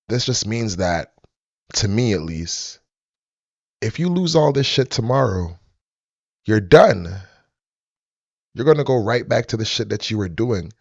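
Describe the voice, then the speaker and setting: A man hosting a reaction video, giving casual, measured commentary on a clip he pauses. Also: low voice, dry recording, muffled recording.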